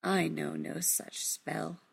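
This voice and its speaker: Woman putting on a gravelly ancient witch. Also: low voice, flat delivery, takes it slowly, full character voice. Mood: knowing. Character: ancient lonely witch woman, terse and knowing.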